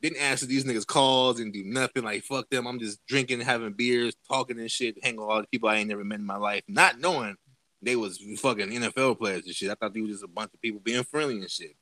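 A man's voice: mid-range voice, fast talker, pushed and bright, no echo. A man casually telling a profane story to friends on a podcast, acting out the people he quotes with big jumps in his voice. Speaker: podcast host.

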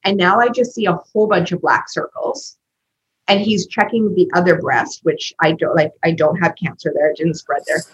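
A woman's voice: lowish voice, steady tone, normal speed. A woman co-hosting a podcast in casual chat, telling a personal story with animation and acting out the voices of the people in it. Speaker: podcast co-host. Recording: dull lo-fi podcast recording.

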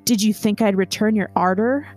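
A woman's voice: medium pitch, normal speed, darkish tone, faint music behind, natural voice. A woman voicing a cold, cruel male crane who purrs and snarls menacingly in a read-aloud story. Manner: purring, growling, snarling.

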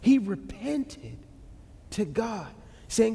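A male preacher with a high, animated voice tells his sermon story, swinging from loud peaks to hushed lows. He speaks in a Black American vernacular style. The sound carries a long reverb. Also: slow pace, creaky.

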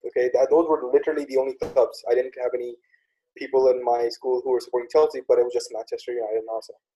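A man hosting a casual chat, telling stories in an animated way and acting out what others said. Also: medium pitch, rapid-fire, lo-fi sound. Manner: animated storytelling with acted-out quotes.

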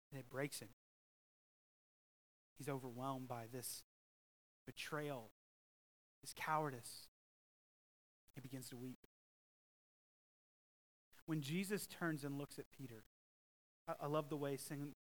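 A man preaching a sermon as pastor, emphatic and swinging from loud, stressed lines to hushed ones. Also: medium pitch, poor audio.

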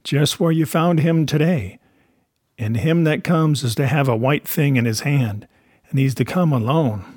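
A cunning, anxious old castaway sailor from a storybook, voiced by a man reading aloud. He talks in rough, rustic grammar with a sly, insistent edge. The voice is husky and the sound is dry and close. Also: a little high, measured pace, a little mellow, no room sound. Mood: wheedling. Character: half-wild marooned old male sailor, cunning and anxious.

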